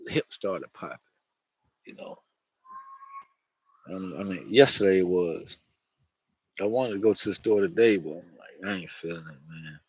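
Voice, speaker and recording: Gravelly-voiced man rambling on camera. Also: low voice, expressive, unhurried, long pauses, darkish tone, lo-fi sound. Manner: slangy, profane, meandering, laughs often. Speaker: vlogger. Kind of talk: rambling casual monologue.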